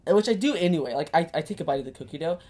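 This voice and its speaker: A woman's voice: deep voice, animated, rapid-fire, dark tone. A woman hosting a podcast, telling rambling food stories in casual chat and laughing often. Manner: giggly, rambling storyteller. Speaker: podcast host.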